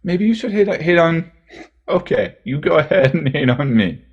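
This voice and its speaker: A middle-aged man talking as a guest over a video call, hesitant and slow. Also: on the high side, expressive, breathy edge, lo-fi sound. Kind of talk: casual video-call chat.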